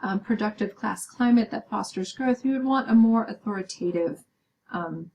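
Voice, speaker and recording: A woman's voice: mid-range voice, normal speed, creaky, darkish tone, dull audio, a little hiss or hum. A woman giving a recorded lecture, explaining step by step with many "um"s and "right?" checks. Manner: explaining with frequent "um" and "right?" tag questions.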